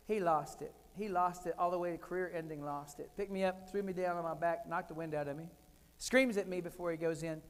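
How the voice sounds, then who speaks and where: In a reverberant hall, an older American man delivers humorous keynote storytelling with a high voice, fairly even intonation and a fairly quick pace. His personal anecdotes land in short, punchy phrases.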